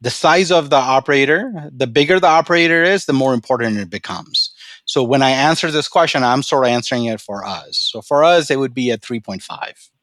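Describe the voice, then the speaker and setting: A man telling a story and answering questions as a podcast guest, relaxed and often repeating his words. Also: mid-range voice, brisk, no room sound. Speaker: podcast guest, storage company president. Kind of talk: casual interview talk and storytelling.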